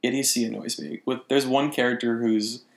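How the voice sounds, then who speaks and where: A man co-hosting a casual chat, animated, swearing now and then and laughing often. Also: medium pitch, fairly quick, creaky. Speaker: podcast co-host.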